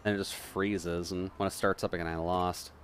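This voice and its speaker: A man's voice: low voice, little pitch movement, moderate pace, slight background noise, natural voice. A man reading as an impatient young gamer. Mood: complaining. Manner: impatient, complaining, reading game text aloud.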